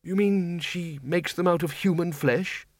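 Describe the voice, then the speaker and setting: A man's voice: sits high, measured pace, no echo, clean studio sound, pitched above the performer's own voice. A man voicing a timid, elderly male zombie wizard who stammers and hesitates. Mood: flustered.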